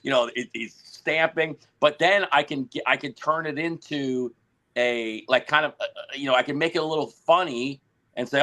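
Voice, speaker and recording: A man's voice: medium pitch, moderate pace, pushed and bright. A man on a podcast telling a rambling coaching anecdote. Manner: rambling anecdotes with acted quotes. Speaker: podcast co-host and hockey coach. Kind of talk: casual podcast conversation.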